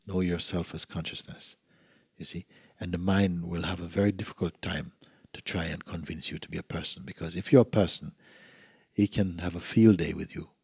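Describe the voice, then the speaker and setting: A man speaking as a spiritual teacher in a soft, gentle way. He often drops to a whisper and asks rhetorical questions. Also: low-pitched, steady tone, normal speed, gravelly, slightly rough, no echo, studio quality. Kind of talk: spiritual talk, reading and answering letters.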